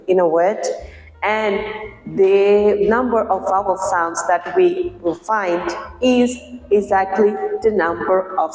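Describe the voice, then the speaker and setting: Patient female pronunciation teacher, very slow and deliberate, recorded in a reverberant room with soft background music. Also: medium pitch. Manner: patient, repeats words slowly to model sounds. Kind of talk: slow, deliberate lesson explanation. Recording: echoey room with long reverb, faint music.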